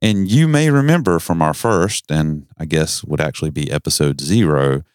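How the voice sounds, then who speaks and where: A middle-aged man from the North Carolina mountains, his Southern accent strong in casual, rambling podcast banter. His voice sits very low and comes across smooth and resonant. The recording is dry and close, with no room sound. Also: moderate pace, no echo. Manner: joking, rambling, self-deprecating. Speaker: podcast co-host. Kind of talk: casual chat.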